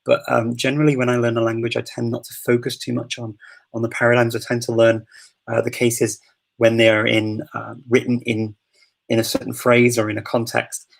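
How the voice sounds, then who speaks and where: Gravelly Scouse man hosting a live Q&A. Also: medium pitch, low-quality recording. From Liverpool, England. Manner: chatty, laughs often, many ums and restarts. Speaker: host of a live Q&A. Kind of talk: casual live Q&A chat.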